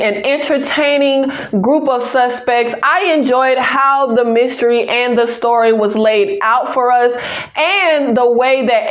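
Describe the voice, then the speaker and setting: A woman from the American South with a Southern accent, hosting a casual movie review channel and chatting to viewers in a sassy, teasing way. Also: high voice.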